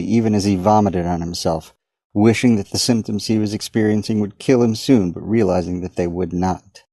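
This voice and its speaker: A man reading his own dark story aloud in a measured audiobook narration. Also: on the low side, dry recording. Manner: steady, measured dramatic reading.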